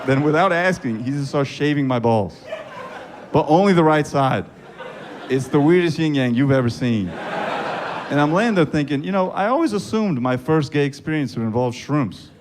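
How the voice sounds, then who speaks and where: A man doing profane stand-up comedy storytelling, with a deadpan delivery and sudden squeaky high-pitched punchlines. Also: moderate pace, a crowd in the background. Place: comedy club stage with laughing audience. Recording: live club recording with audience noise.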